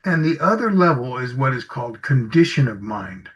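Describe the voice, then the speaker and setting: A mid-range male voice with a sing-song lilt, at normal speed, belongs to an executive coach being interviewed. He speaks casually, telling anecdotes and acting out lines of dialogue, though the audio comes through slightly muffled.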